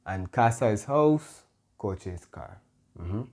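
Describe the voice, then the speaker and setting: A man teaching a Spanish grammar lesson, patient and careful, often pausing with "mm-hmm" and correcting himself. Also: fairly low pitch, animated, a little mellow. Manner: patient, stops to self-correct, frequent "mm-hmm" fillers. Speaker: Spanish tutor.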